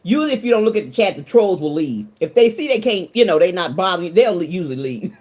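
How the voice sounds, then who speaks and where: A woman's voice: lowish voice, big pitch swings, quick pace, a little mellow. Chatty woman hosting a livestream. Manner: chatty, greets viewers by name, laughs often; emotional, confiding. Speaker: livestream host. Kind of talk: casual livestream chat with viewers.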